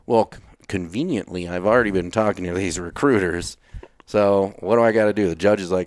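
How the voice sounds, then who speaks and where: A retired Navy SEAL from Texas, guesting on a podcast, delivers blunt, casual stories in a low-pitched, darkish voice at a brisk clip. The recording is studio quality with no room sound. It's a casual storytelling interview where he stays blunt, swears freely, and acts out his old lines.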